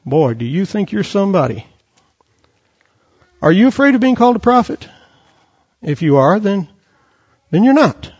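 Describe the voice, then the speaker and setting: Impassioned high-pitched male preacher. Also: sing-song, normal speed, pauses often, a little mellow, husky. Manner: impassioned, rhetorical questions, quoting scripture. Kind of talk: sermon. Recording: dull lo-fi recording.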